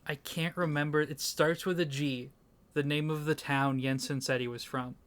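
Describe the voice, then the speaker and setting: A man chatting on a casual film podcast, his voice sitting a little high for a man. He talks with eager enthusiasm, swears offhandedly and often leaves sentences hanging as he hunts for the word. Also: fairly even intonation, normal speed, a bit bright. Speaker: podcast co-host. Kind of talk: casual movie review chat.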